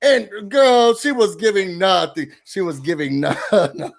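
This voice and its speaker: Sassy, high-voiced man ranting. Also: unhurried, vocal fry, hardly any pauses. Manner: expressive, sassy, mimics quotes in a high voice. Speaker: recap show host. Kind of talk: animated recap and rant.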